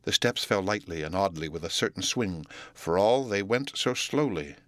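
A man narrating an audiobook of a classic novel in a measured, steady manner. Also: low-pitched, no room sound, studio quality. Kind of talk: scripted narration.

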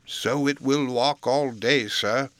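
A man voicing a frightened aging male butler who speaks in hushed, trembling tones in an audiobook. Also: medium pitch, slow, no room sound, pitched above the performer's own voice. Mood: fearful. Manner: hushed, tremulous.

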